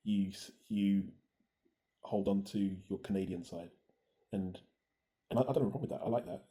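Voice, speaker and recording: British man, co-host, deep dark voice, halting casual chat. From United Kingdom. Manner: halting, repeats words and restarts often.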